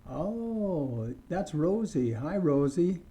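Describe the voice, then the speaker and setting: A man teaching an online English lesson, speaking slowly and deliberately and repeating words for learners to copy. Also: a little high, big pitch swings, warm tone, slight background noise, rough recording.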